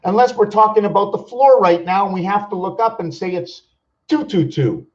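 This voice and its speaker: A man hosting a rambling vlog monologue, musing aloud with rhetorical questions and slowly counting out numbers, at times loud and worked up. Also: sits high, lo-fi sound. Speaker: channel host.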